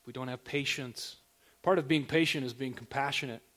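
Speaking at a moderate pace with a medium-pitched voice, this man preaches as a pastor. His delivery is easygoing and chatty, and he addresses the congregation with direct questions.

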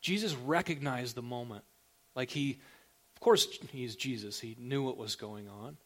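A pastor delivers a sermon in a relaxed, conversational manner, putting direct questions to his listeners. His voice sits in the mid range, and he speaks at a measured pace.

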